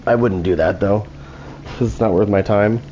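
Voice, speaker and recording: A man talks over his own gameplay, swearing and taunting opponents in a loose, cocky way. His voice is dark and mellow. A faint hiss sits under the recording. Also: fairly low pitch, normal speed, rough recording. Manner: profane trash talk, taunting. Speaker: gaming channel host. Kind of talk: gameplay commentary.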